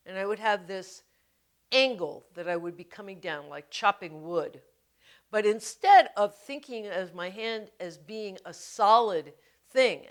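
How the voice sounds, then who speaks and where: Slow, patient woman drum teacher. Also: mid-range voice. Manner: gentle, patient step-by-step explaining. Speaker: hand drumming teacher. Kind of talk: instructional video demonstration.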